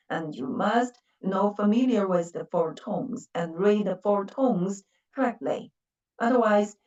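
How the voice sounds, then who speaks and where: Slow Chinese-accented woman teaching a lesson. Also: medium pitch, a little mellow, echoey room, far from the mic, muffled recording. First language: Mandarin. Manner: patient, repeats words, stresses syllables. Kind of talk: classroom language lesson.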